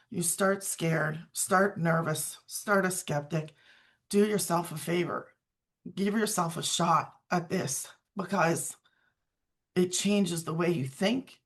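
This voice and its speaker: A woman's voice: lowish voice, slow. Earnest woman telling her story. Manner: earnest, conversational, quotes herself often. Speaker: guest sharing her story. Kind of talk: emotional personal testimony.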